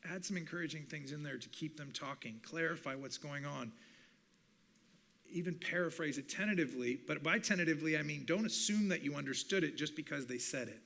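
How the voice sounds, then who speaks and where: A man who is a communications professor, giving an animated teaching talk at a church and acting out bits of dialogue. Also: on the high side, brisk, creaky. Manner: animated, acts out quoted dialogue.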